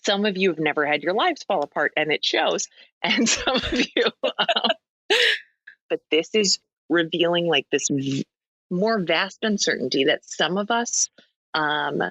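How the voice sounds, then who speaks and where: Lively Minnesotan woman on a muffled line. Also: on the low side, unhurried, husky, no room sound. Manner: candid, rambling, laughs easily. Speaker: podcast guest. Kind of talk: casual phone chat.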